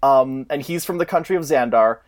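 A man's voice: mid-range voice, brisk. Man explaining trivia at length. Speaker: podcast co-host. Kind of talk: casual chat.

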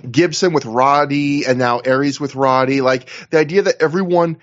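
Podcast co-host, male, slightly high voice, rambling recaps, muffled lo-fi call audio. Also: normal speed. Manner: rambling, animated recaps with acted-out quotes. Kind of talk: casual wrestling podcast chat. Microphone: video call.

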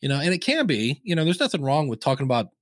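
A man in a casual interview, an animated storyteller who acts out the voices of the people he quotes. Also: fairly high pitch, fast, no echo, clean studio sound. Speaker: podcast coach and guest.

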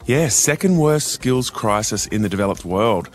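A man's voice: lowish voice, animated, normal speed, faint music behind. A young Australian man hosting a news podcast, chatty and upbeat. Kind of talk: casual news podcast chat.

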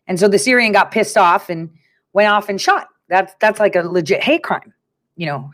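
A middle-aged woman talking straight to her audience in a casual opinion monologue, retelling conversations in lively back-and-forth and driving her points home by repeating phrases. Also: on the low side. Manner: animated storytelling, acting out both sides of conversations; emphatic, repeats phrases for effect. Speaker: commentator.

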